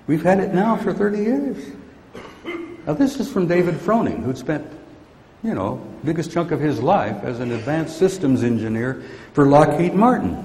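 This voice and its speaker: A man's voice: mid-range voice, darkish tone. An older man giving a rambling, grumpy, folksy talk to an audience. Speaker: speaker addressing an audience. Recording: long hall reverb.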